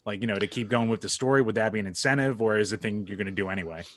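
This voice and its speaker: A man's voice: on the low side, rapid-fire, no echo. A man co-hosting a podcast in casual chat, joking wryly at his own expense. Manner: wry, self-deprecating joking. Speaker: podcast co-host.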